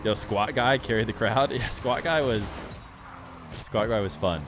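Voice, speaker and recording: A young man streaming a game and chatting casually with his viewers in a relaxed, rambling way. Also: lowish voice, measured pace, noisy background. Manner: relaxed, rambling, talks straight to chat. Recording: music playing clearly behind the voice.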